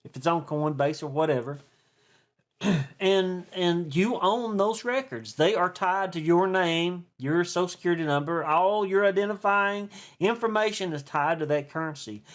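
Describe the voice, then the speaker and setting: Man, East Tennessee accent, folksy, rambling, chatty vlog talk, somewhat high voice. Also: normal speed. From East Tennessee, USA. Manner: chatty, rambling, folksy, with frequent fillers and restarts. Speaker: stock and crypto video host. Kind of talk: casual rambling vlog monologue.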